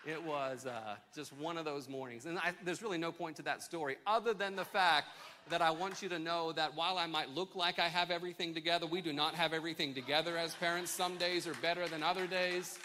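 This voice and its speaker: A man in his thirties, a pastor preaching a sermon, telling a self-mocking family story in an animated way. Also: on the high side, a little fast, background noise. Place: church service with congregation.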